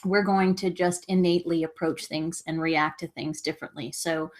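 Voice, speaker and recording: A woman co-hosts a casual live-stream show about a reselling business alongside her husband. Her voice sits a little low for a woman. She thinks aloud, rambling and restarting her sentences as she works toward her point. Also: steady tone, normal speed, a little hiss or hum.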